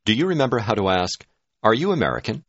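Man, very deep voice, language course narrator, clear measured prompts, dry dull lo-fi recording. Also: big pitch swings, fairly bright tone, no room sound. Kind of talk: scripted instructional narration. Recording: dull, dry studio audio.

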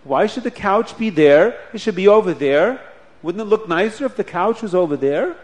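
A man voicing an elderly revered rebbe who speaks slowly and with authority. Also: high voice, expressive. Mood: commanding. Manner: slow, measured and commanding.

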